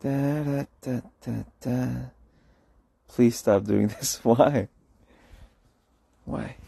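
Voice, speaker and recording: A sleepy young singer chats casually on a late-night phone livestream, reading out comments and murmuring low-key replies in English and Korean. His voice is very slow, creaky, mellow and husky, with no echo.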